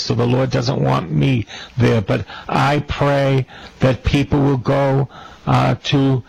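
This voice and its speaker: A man's voice: medium pitch, little pitch movement, takes it slowly, creaky, darkish tone, slightly rough, poor audio. A man preaching a sermon as a priest, fervent and repeating his phrases for emphasis.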